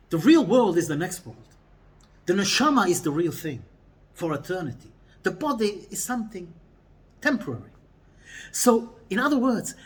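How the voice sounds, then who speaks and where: A man delivers a weekly Torah lesson, his pitch rising and falling. He laughs easily and circles back over phrases, reaching for words as he teaches. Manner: animated, laughing, mixing in Hebrew quotes; repeats and restarts phrases while explaining.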